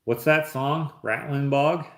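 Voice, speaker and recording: A man's voice: mid-range voice, slow pace. A man hosting a casual livestream, reading chat aloud and opening gifts in an easygoing, joking way. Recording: roomy echo.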